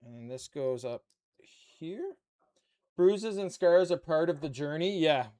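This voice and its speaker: A man's voice: fairly high pitch, animated, slow, mellow. A man live-streaming a model-kit build, chatting with viewers and muttering to himself as he works. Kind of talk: casual live-stream chat.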